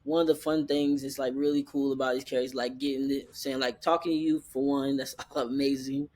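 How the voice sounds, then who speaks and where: Casual, halting male interviewer. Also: mid-range voice, level tone, darkish tone. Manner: loose, halting, restarts questions.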